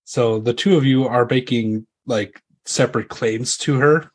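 A man acting as game master, narrating a fantasy tabletop game casually. He rambles and leans on fillers as he describes the scene, at an ordinary male pitch. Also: unhurried.

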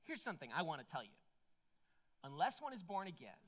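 A woman's voice: fairly low pitch, big pitch swings, a little fast. Brief: woman putting on a brash male teacher, teasing and emphatic, voice leaps up and down. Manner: emphatic, loud bursts, playful. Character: blunt, teasing adult male teacher who cuts people off.

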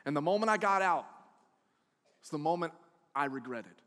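A man preaching a sermon, telling a personal story and acting out quoted voices, swinging from hushed to loud. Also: a little high, animated, normal speed. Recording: long hall reverb.

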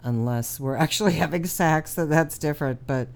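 A middle-aged woman co-hosting a podcast with her son, chatting casually, frank and quick to laugh or protest. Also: low-pitched, vocal fry, darkish tone. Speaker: podcast co-host, host's mother. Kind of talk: casual chat.

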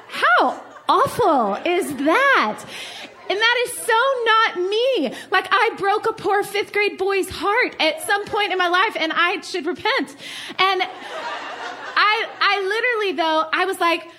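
A woman in her forties, a pastor, preaching to a women's gathering in an animated, laughing storytelling manner. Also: high voice, a little slow.

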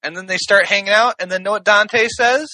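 A man's voice: high voice, steady tone, fast talker, pushed and bright, no room sound. A man on a podcast panel, talking brash, bro-ish trash talk. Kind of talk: casual podcast banter.

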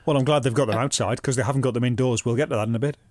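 A man's voice: medium pitch, fairly even intonation, very fast, no room sound, clean studio sound. A man hosting a podcast, moving between scripted narration and wry, lightly sweary chat. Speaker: podcast host.

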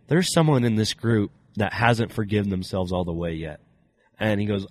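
A young man recounts his faith journey in an unhurried, earnest way, circling back with fillers and restarts. His voice sits at an ordinary middle pitch. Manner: earnest, rambling storytelling with many fillers. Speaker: podcast guest. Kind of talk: casual personal testimony.

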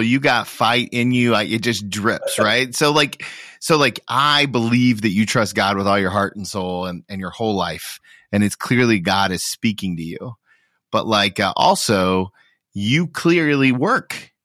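A man's voice: on the low side, pushed and bright, no room sound, clean studio sound. A man hosting a podcast, encouraging his guest and then probing with a follow-up question. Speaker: podcast host. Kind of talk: casual interview talk.

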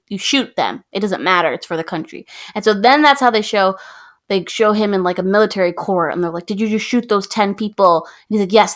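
A woman in casual conversation, retelling a movie scene by scene and slipping into the characters' voices as she goes. Her pitch sits in the middle of the usual range for women. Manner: animated storyteller, acts out characters' lines. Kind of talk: casual chat retelling a film plot.

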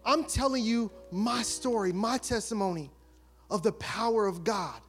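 A man giving a fervent testimony sermon, acting out the people in his story and rising to loud, forceful bursts. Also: high voice, a little slow, faint music behind. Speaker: preacher.

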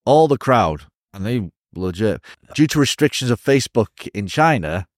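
A man with an English accent, a professional wrestler telling stories in a casual interview, animated and chuckling often. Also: on the low side, moderate pace, no room sound, clean studio sound. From England.

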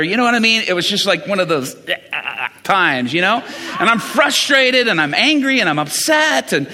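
A middle-aged pastor with a high-pitched voice at normal speed preaches a sermon, telling animated stories conversationally and often laughing. The recording is in a reverberant hall.

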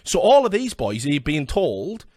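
A podcast host tells fast, sweary stories in casual chat, acting out what people said. His voice is a little high and a little mellow, with huge swings in pitch. The studio recording is clean, with no echo.

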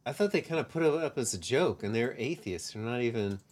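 A co-host in a casual discussion, hesitant and thinking aloud. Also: female voice, extremely low pitch, lively intonation, fairly quick, a little mellow.

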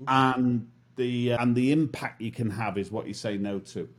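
A man in his fifties reflects aloud in a relaxed interview. He muses and corrects himself and pokes fun at his own slowness to learn. His voice sits at an ordinary middle pitch. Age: 50s. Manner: musing, self-deprecating, with restarts. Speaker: guest.

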